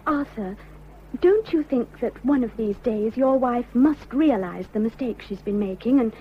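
Radio drama heroine: a torn, tearful young woman, high pitch, lo-fi broadcast sound. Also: animated, measured pace, a little hiss or hum. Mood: distressed. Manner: anxious, faltering. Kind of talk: vintage radio drama acting. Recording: dull lo-fi old radio recording with music.

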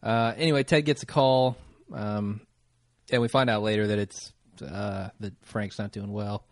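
A man co-hosting a casual podcast, easygoing and quick to laugh as he walks through an episode recap. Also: fairly low pitch, steady tone, no room sound, studio quality. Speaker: podcast co-host.

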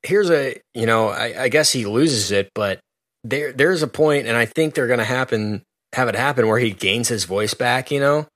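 A man's voice: medium pitch, normal speed, fairly bright tone, no echo, clean studio sound. A man co-hosting a casual movie review chat, joking and rambling with many restarts. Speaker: podcast co-host.

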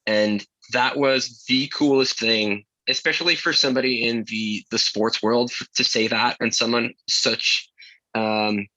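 Brief: male musician guest, earnest and hesitant, bright tone, dry mic. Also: mid-range voice, fairly even intonation, unhurried, no echo, low-quality recording. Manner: earnest, grateful, hesitant with many "um"s. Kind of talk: casual interview chat.

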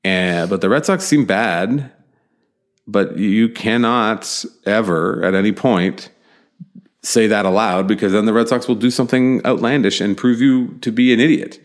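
A man with a very deep voice talks sports in a loose, rambling way. He circles back often, piling on fillers and restarts as he chats casually with a co-host. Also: a little slow. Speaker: podcast host.

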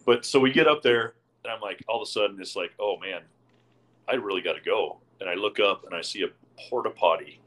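A man's voice: on the low side, fast talker, hardly any pauses, rough recording. A man, a podcast co-host, telling a crude golf story to friends, laughing and swearing as he goes. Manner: crude, laughing, animated anecdote with heavy swearing. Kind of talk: casual storytelling among friends.

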